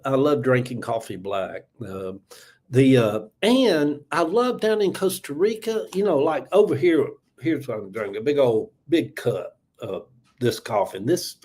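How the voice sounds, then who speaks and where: A man's voice: a little high, a little mellow. A man in his seventies with a Southern US accent, chatting casually and folksily on a morning livestream, laughing often. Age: 70s. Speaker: livestream host. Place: home.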